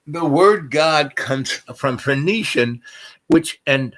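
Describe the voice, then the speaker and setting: A man hosting a comedy show, telling a meandering story full of restarts and absurd deadpan asides. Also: fairly high pitch, slow. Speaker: comedic YouTube host. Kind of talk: rambling comic storytelling monologue.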